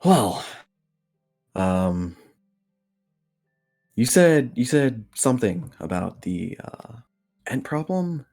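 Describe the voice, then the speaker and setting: A man's voice: mid-range voice, sing-song, drawn-out words, pauses often, a little mellow, faint music behind, voice pushed up, heavily acted. A man voicing a friendly tiefling. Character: friendly male tiefling host, smooth and relaxed.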